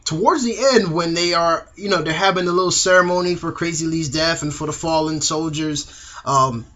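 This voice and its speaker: Animated high-voiced young man. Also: normal speed. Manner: animated, slangy, acts out characters' lines. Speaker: TV episode reviewer. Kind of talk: casual video review.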